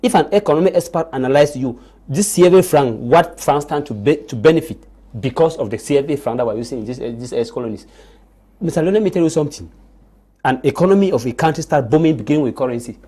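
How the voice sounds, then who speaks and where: A man's voice: a little high, lively intonation, fast, warm tone, slightly rough. A man, arguing emphatically as a panelist on a live TV debate and repeating words when pressed.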